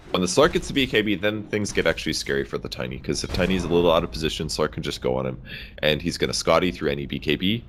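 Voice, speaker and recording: A man with a light Upper Midwest American accent giving relaxed, analytical color commentary on an esports match. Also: extremely low pitch, a little hiss or hum. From Wisconsin and Montana, United States. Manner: fast analytical breakdowns, relaxed.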